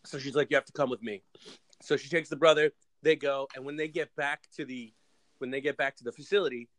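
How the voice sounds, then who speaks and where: A man with a slightly high voice talks fast while casually retelling a movie on a remote podcast call. The poor-quality audio has no echo, and he's an animated storyteller who swears freely throughout.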